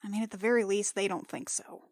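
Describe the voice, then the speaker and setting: A woman's voice: medium pitch, fairly even intonation, fast, a little mellow, dry recording, clean studio sound. A woman playing a tabletop game who talks hesitantly and laughs often. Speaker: player.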